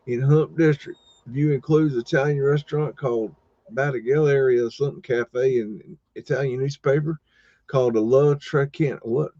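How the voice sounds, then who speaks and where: Relaxed male host, rambling chatty delivery; dry, dull lo-fi sound. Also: medium pitch, no room sound. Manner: laid-back, rambling, chuckling asides. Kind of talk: casual live commentary on old photos.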